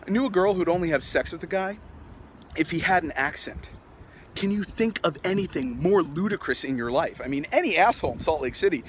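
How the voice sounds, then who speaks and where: A man's voice: high-pitched, rough recording. An actor playing an angry young male punk in a dramatic monologue, ranting in a profane, sardonic way. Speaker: actor performing a film monologue. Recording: outdoor traffic noise behind.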